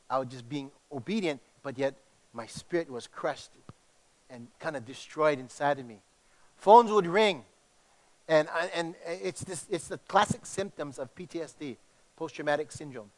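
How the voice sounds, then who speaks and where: A middle-aged male pastor from Hawaii with a slight tinge, preaching in an animated, conversational way with many restarts. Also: on the high side. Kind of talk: sermon.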